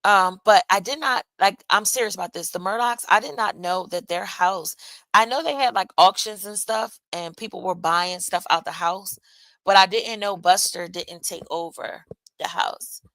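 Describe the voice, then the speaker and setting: A woman's voice: mid-range voice, moderate pace, a bit bright, no room sound, low-quality recording. A woman hosting a live stream, chatting casually with viewers in a loose, profane way with laughing asides. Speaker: livestream host.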